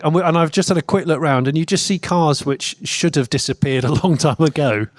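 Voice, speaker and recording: A man's voice: a little high, fairly quick, dry recording, clean studio sound. A man co-hosting a live podcast at a festival, chatting in an easygoing, enthusiastic way before an audience. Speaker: podcast co-host. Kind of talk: live stage podcast chat.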